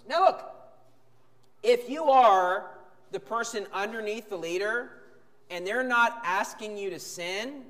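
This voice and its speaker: A man preaching a sermon, emphatic, jumping from sudden shouts to quiet calm. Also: high-pitched. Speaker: pastor. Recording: long hall reverb.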